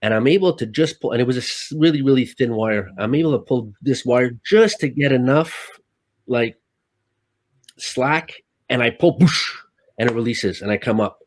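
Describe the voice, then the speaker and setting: Man, stuntman guest, casual storytelling, lively, curses a lot, mid-pitched, dry close sound. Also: moderate pace, no echo. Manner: animated, swears often, acts out his own lines.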